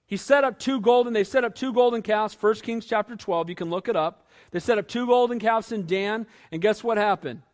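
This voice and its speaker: Casting: male pastor with a strikingly high voice, lively, chatty sermon delivery. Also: fairly quick, few pauses. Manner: lively, conversational preaching, asks the listeners questions.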